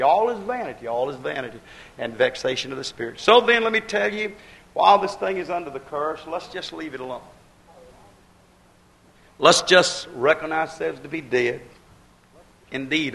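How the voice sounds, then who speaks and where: A man preaching a fervent sermon, repeating phrases and breaking into sudden loud outcries. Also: mid-range voice, rough recording.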